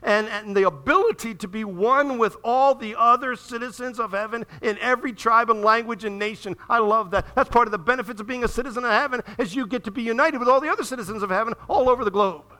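A man pastor preaching a sermon in a church, swinging between loud emphatic peaks and quiet, hushed appeals. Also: very high-pitched, fast, hardly any pauses. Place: church sanctuary.

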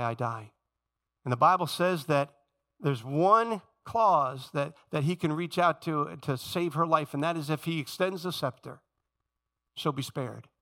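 A man preaching a sermon as pastor, swinging from loud emphasis to hushed, intimate confession. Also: fairly high pitch.

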